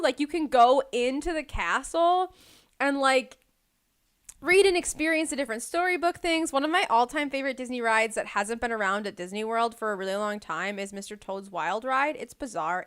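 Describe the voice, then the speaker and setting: A woman's voice: a little high, smooth. Chatty young woman, casual chat. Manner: chatty, rambling, full of likes and ums. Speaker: podcast co-host.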